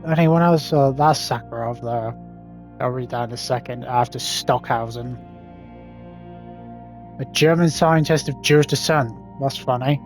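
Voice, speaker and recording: A man's voice: mid-range voice, measured pace, pauses often, faint music behind. A young man reading in-game text aloud, stumbling over long words and adding sarcastic, sweary asides. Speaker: gaming YouTuber.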